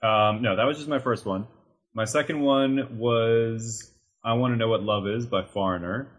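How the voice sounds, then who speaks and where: A man's voice: medium pitch, normal speed. A man co-hosting a casual podcast, easygoing and a little rambling. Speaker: podcast co-host.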